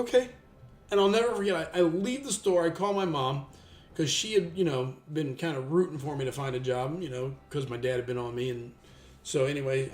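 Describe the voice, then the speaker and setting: A man in his thirties telling a long, rambling story in casual chat, restarting often and getting lively when he quotes people. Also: on the high side. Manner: rambling with many restarts, animated when quoting others. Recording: echoey room with faint music.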